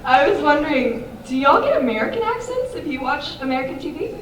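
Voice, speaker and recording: A woman's voice: high-pitched, sing-song, fast talker, a little hiss or hum. A woman asking the panel a question, giggly and a little nervous. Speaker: audience member asking a question. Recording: echoey hall from far off.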